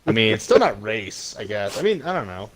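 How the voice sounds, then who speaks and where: A man's voice: on the low side, very animated, a little fast, slight background noise, rough recording. A man co-hosting a podcast, talking in a rambling, opinionated casual way. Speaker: podcast co-host. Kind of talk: casual chat.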